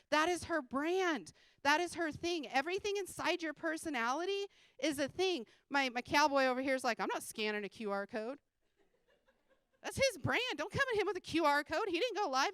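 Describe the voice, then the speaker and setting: A woman giving an energetic motivational talk on a conference stage, speaking bluntly and casually, swearing freely and laughing often. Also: very high-pitched, no room sound. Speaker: conference speaker and sales coach. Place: conference stage before a live audience.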